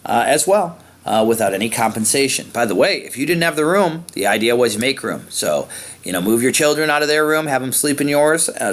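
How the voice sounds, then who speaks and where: A man teaching a history lesson in a conversational way, with frequent fillers while he points at a map. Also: mid-range voice. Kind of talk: informal lecture.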